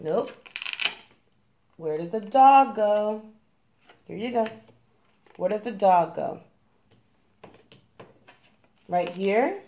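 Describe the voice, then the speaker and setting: A young woman guides a toddler through a home lesson, speaking very slowly and patiently. Her pitch rises and falls a lot as she coaxes and praises. The tone stays gentle and encouraging throughout. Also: expressive. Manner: slow, patient, coaxing, lots of praise. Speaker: parent teaching a toddler.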